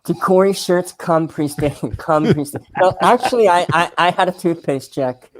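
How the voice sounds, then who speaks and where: A man's voice: fairly high pitch, normal speed. Dry self-mocking man, faint hiss. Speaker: show regular. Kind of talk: casual chat on a live show.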